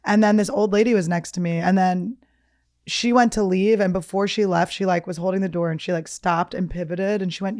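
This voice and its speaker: A woman's voice: medium pitch, fairly quick, no echo. Bawdy storytelling woman, dry studio sound. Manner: animated, crude jokey storytelling. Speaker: podcast co-host. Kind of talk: casual chat, storytelling.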